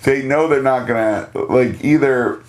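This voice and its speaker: A man co-hosting a podcast, chatting casually as he recaps a TV episode and jumps into high, playful quoting voices. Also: unhurried, a little mellow. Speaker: podcast co-host.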